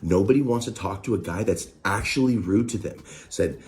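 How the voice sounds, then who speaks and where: A man telling a heated story about a falling out, profane and animated, often mimicking the other person. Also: low-pitched, normal speed, few pauses. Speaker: online creator recounting a dispute. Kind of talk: heated podcast rant.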